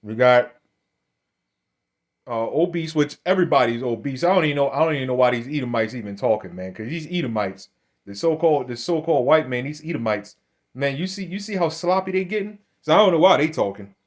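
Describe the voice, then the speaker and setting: A man's voice: medium pitch, animated, brisk. Blunt man speaking to camera. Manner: repeats words and restarts often; keeps addressing listeners as "man". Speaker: religious commentator. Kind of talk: casual commentary to camera.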